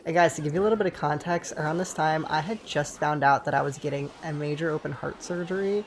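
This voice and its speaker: Over a game, a twentysomething man with a slightly high voice talks quickly through a meandering, expletive-filled story. Slight background noise can be heard, and he makes frequent asides to viewers.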